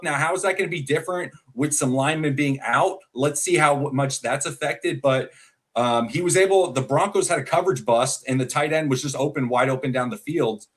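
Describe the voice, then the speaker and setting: A man co-hosting a casual football talk show, talkative and animated with frequent fillers. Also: a little high. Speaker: sports podcast co-host.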